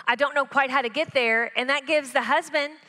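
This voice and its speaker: Woman speaker on a church stage, emphatic and encouraging, bright voice, echoey room. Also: high voice, fairly quick. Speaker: guest speaker on marriage. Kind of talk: casual stage talk to a church audience.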